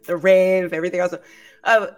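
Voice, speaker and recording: A woman playing in a tabletop game, asking curious, stammering questions in character. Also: on the low side. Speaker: player.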